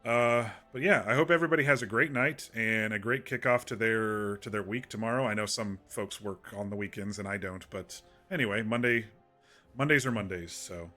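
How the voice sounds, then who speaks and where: A man's voice: lowish voice, moderate pace, bright, forceful tone, faint music behind. A man streaming a game, chatting casually to viewers in a soothing, rambling way with many restarts.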